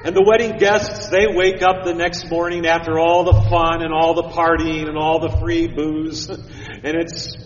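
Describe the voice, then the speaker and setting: Pastor preaching in an echoey church. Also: male voice, a little high, level tone, a little slow, a little hiss or hum. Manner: emphatic preaching with wry asides. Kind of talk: sermon. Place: church sanctuary. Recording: echoey church hall, dull sound.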